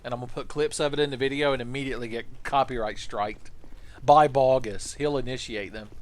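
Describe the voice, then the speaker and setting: Fields: Role: game streamer. Sex: male. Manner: joking, rambling chat. Pitch: mid. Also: steady tone, brisk.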